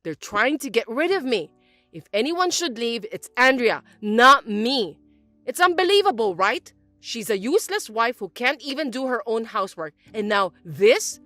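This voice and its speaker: A woman putting on a shrill, bossy mother-in-law. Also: sing-song, moderate pace, bright, forceful tone, dry recording, soft background music. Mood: self-pitying. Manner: indignant, accusing, whiny. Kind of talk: dramatized story reading.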